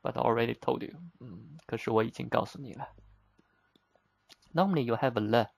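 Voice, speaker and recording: A man's voice: mid-range voice, a little fast, gravelly, a little mellow, no room sound. A man teaching vocabulary, explaining patiently step by step in plain, slightly broken English with simple examples. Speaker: Chinese teacher.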